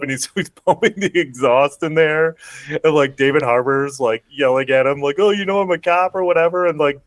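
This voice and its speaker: A man's voice: medium pitch, no room sound. A man co-hosting a podcast, casually retelling a movie plot with lots of fillers and small laughs. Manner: rambling, many fillers, laughs while retelling. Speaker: podcast co-host. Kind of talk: casual movie recap chat.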